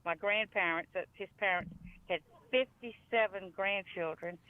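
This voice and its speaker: A woman's voice: mid-range voice, unhurried. A woman with a Louisiana accent calling in to a show, telling a family story in a chatty, rambling way. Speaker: caller. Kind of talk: phone-in storytelling. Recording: tinny phone line.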